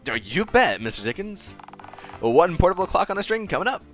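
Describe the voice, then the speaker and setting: A man's voice: sing-song, brisk, soft background music. A man voicing a nervous, eager young male assistant who stammers in a raised voice. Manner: stammering, high-pitched.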